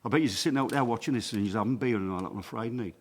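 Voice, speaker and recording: A man's voice: lowish voice, very fast, long reverb tail. A man in his sixties with a Sunderland accent, a folk singer chatting in jokey broad dialect between songs at a small livestreamed venue. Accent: Sunderland (Mackem). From Sunderland, England. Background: acoustic guitar.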